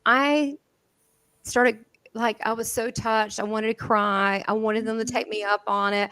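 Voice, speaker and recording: A woman with a Southern American accent telling stories in an interview, lively and laughing often, with many restarts. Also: on the high side, unhurried, no room sound. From southern United States. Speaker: guest medium. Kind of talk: animated storytelling in an interview.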